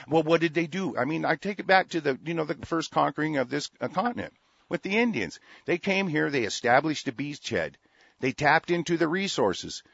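A man's voice: on the high side, gravelly, fairly bright tone, husky, dry recording, lo-fi sound. An older man hosting a talk radio show, ranting angrily and cursing often, with frequent restarts. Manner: profane, heated, with frequent restarts. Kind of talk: angry political rant.

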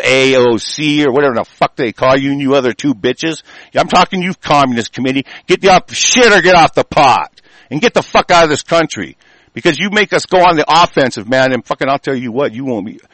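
Swinging from shouts to low mutters, this man hosts a show and rants angrily with plenty of profanity, tripping over restarts as he goes. The audio is dry and of poor quality.

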